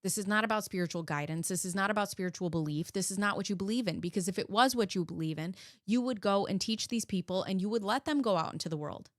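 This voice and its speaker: A woman's voice: medium pitch, fast, hardly any pauses, no echo, studio quality. A woman hosting a live reaction stream, talking bluntly and sarcastically and swearing freely. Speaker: host reacting to video clips. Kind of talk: casual live reaction commentary.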